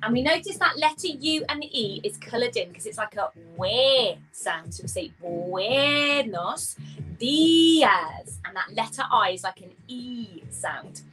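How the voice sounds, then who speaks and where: A woman's voice: fairly high pitch, lively intonation, normal speed, few pauses, bright, forceful tone, soft background music, low-quality recording. A woman teaching a live online Spanish class for young children, cheerful and sing-song, drawing out words to model pronunciation. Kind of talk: live-streamed kids' language class. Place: home.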